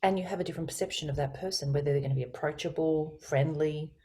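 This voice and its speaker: Woman, voice coach, low pitch, warm mellow tone, expressive, teacherly, video call. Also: fast. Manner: expressive, teacherly, varies her inflection. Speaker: voice and communication coach, guest. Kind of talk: explanatory interview talk with spoken tone demonstrations.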